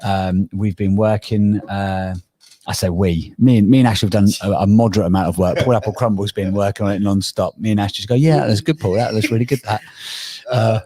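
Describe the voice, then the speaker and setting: A man's voice: on the low side, fairly even intonation, fairly quick, mellow. A man hosting a live online audio room, joking and self-deprecating in casual chat. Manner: jokey, rambling, self-deprecating. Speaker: host.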